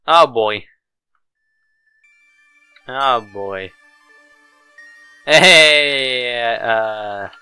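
A man commentating a let's play of custom game levels, muttering to himself and breaking into loud, swearing outbursts of frustration. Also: mid-range voice, extremely slow, pauses often, smooth, no echo, faint music behind.

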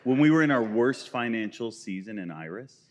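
A man, a fellow minister, adding quick, earnest remarks in casual conversation. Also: mid-range voice, expressive. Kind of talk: casual chat.

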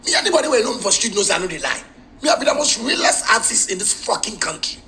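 Man, Ghanaian Pidgin accent, live video rant, heated and confrontational, slightly high voice. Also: big pitch swings, fast, sharp tone, slight background noise, poor audio. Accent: Ghanaian Pidgin English. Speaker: musician.

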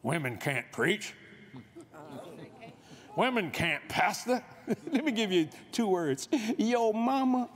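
A guest preacher with a high, very animated voice delivers a humorous, folksy sermon on a stage microphone in a large convention hall. He speaks slowly, with long pauses, in a joking, storytelling manner.

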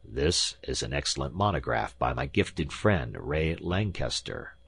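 A man's voice: rumbling low, very animated, unhurried, creaky, fairly bright tone, breathy edge, pitched below the performer's own voice, full character voice. A man voicing an arrogant, bombastic older professor who lectures with scorn. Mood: smug.

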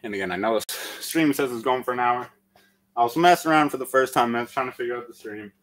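A man's voice: mid-range voice, fast, a bit bright, poor audio. A man leading a live-streamed workout, out of breath after exercising, calling out countdowns and encouragement and chatting with lots of fillers. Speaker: fitness instructor.

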